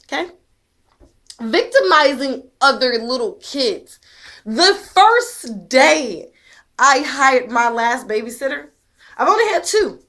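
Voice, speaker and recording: A woman with a slightly high voice speaks straight to the camera in a long monologue. She is intense and emphatic, blunt enough to swear. She presses her points with pointed rhetorical questions. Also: very animated, slow pace, pushed and bright. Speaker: mother.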